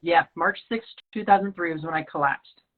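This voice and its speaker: A woman's voice: fairly low pitch, moderate pace. A woman guest telling a personal story in conversation, acting out the dialogue as she goes. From Rocky Mountain region of the US. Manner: animated storyteller, acts out quoted dialogue. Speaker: podcast guest. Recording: lo-fi phone-like line.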